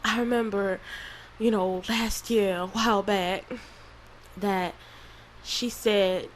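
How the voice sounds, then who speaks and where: A woman with a Southern country accent, crying through a halting, emotional confessional vlog with many restarts. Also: mid-range voice, steady tone, a little hiss or hum, rough recording. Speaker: channel creator.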